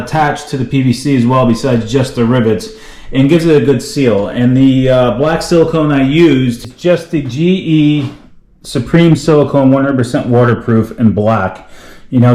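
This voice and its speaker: Middle-aged male DIY host, casual and rambling, plain mid-pitched voice, lots of fillers. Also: dark tone. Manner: folksy, rambling, lots of "you know" and "uh". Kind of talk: casual how-to walkthrough.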